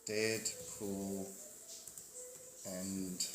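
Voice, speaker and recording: A man's voice: sits low, little pitch movement, drawn-out words. A man hosting a casual live stream, rambling, joking and greeting his viewers by name. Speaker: livestream host. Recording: echoey room with faint ambience.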